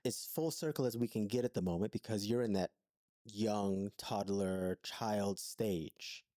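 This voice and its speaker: A man's voice: fairly low pitch, a little slow, dark tone, no room sound, studio quality. A man co-hosting a podcast, telling his story in an earnest, thoughtful way in an intimate conversation. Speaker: podcast co-host.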